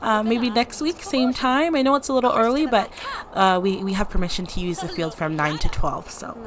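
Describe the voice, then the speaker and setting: A bubbly young woman running an art club, pitched noticeably higher and brighter than everyday talk, as a woman puts her on. She is chatty and encouraging, with a light, lilting lift on her words. The game-commentary voicing stays playful. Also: brisk, background noise, close to an everyday voice.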